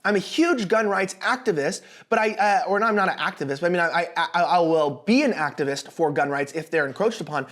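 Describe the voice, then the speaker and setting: A young American man delivers a casual political commentary monologue in a notably high voice. He's animated and sarcastic, talking fairly quickly with hardly any pauses, and he often stumbles and restarts his sentences.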